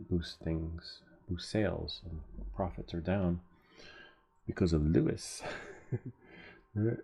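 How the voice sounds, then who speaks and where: A man's voice: low-pitched, gravelly, warm tone, husky. A man hosting a DIY tech channel, talking in a loose, rambling way, swearing casually and laughing at himself.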